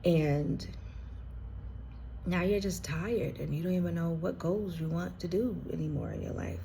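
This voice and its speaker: A woman's voice: lowish voice, animated, measured pace, creaky, dark tone, slight background noise. A woman giving an earnest, heartfelt collective reading that speaks straight to the listener, at times moved close to tears. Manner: emotional, near tears at times. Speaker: intuitive card reader. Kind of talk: collective reading addressed to the viewer.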